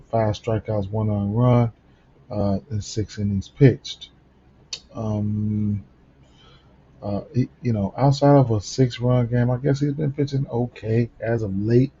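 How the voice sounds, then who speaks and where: A man's voice: fairly low pitch, mellow, a little hiss or hum. Sleepy, rambling man on a dull mic. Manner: rambling, many fillers and restarts. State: sleepy, yawning early in the morning. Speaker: sports betting host. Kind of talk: casual betting picks rundown.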